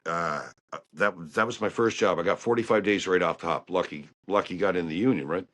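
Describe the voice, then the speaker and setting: A man telling stories about working on ships in a casual, animated way. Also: low-pitched, fairly quick. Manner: animated storyteller who acts out quotes. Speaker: guest, ship engineer. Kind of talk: casual storytelling chat.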